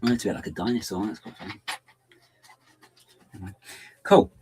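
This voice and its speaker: A man's voice: fairly low pitch, brisk, darkish tone, husky. A man chatting casually on a livestream while building, rambling and muttering to himself with playful asides, his throat bothering him. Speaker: LEGO builder livestreaming to chat.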